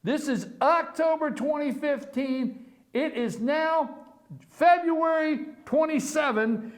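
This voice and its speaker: A man's voice: extremely high pitch, slow. A man hosting a live online morning show from an office, delivering opinion commentary with emphatic, repeated rhetorical questions.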